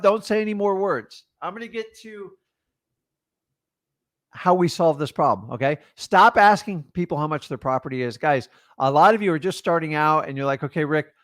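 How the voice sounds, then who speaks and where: A man coaching beginners in real estate wholesaling, talking straight to the viewer in short, emphatic bursts and acting out quick seller and caller exchanges. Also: a little high, a bit bright, no room sound, clean studio sound. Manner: punchy, emphatic, talks straight to the viewer with quick rhetorical questions. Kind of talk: direct-to-camera teaching talk.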